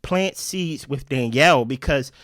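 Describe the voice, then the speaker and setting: Animated man with a dry close-mic sound. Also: medium pitch, no room sound. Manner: animated, fast, theorizing with repeated "right?". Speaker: podcast co-host. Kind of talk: casual recap chat.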